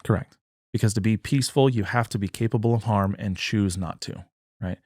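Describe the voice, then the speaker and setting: A man's voice: fairly low pitch, a little fast, darkish tone, no echo, clean studio sound. A man talking earnestly in a political discussion and acting out the quoted dialogue. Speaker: podcast guest, party chair.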